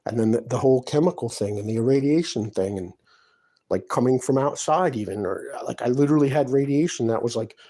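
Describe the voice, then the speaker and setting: A man's voice: mid-range voice, fairly quick, warm tone. A man talking at length in his apartment, distressed and aggrieved, rambling from one complaint to the next. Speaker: vlogger. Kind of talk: rambling personal monologue to camera.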